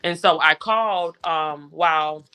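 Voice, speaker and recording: A woman with a bright, forceful voice tells her story as an interview guest. She sounds worn down and frustrated, and she retells each exchange steadily and in detail. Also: sits low, unhurried, smooth. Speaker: interview guest, grieving mother. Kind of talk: personal account in conversation.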